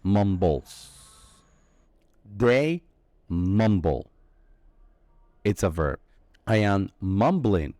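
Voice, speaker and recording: Slow, lively male English teacher. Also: sits low, no room sound. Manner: slow, emphatic explaining with drawn-out key words. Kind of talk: vocabulary lesson.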